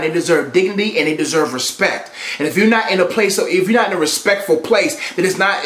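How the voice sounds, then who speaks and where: Emphatic high-voiced man in echoey room. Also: fairly bright tone. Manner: emphatic and repetitive, preacherly. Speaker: relationship speaker. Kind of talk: motivational teaching talk. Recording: roomy echo.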